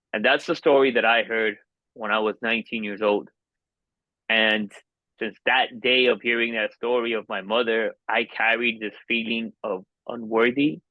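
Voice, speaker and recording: A man in his forties from Miami, a podcast guest telling a personal story in an earnest, halting way with many restarts. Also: medium pitch, no room sound. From Miami, United States. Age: 40s. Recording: dull, dry lo-fi sound.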